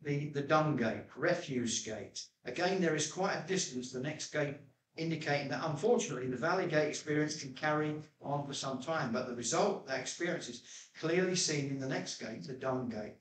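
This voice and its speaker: A man preaching a sermon as pastor, telling stories in a chatty way and jumping high in pitch when he quotes himself. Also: normal speed. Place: church hall. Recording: echoey church room, mic at a distance.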